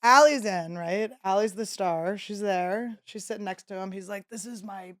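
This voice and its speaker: A woman in her thirties hosting a podcast, telling a story in casual chat and acting out quotes in a higher voice. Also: normal speed. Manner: animated, acts out quotes in a high voice. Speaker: podcast host.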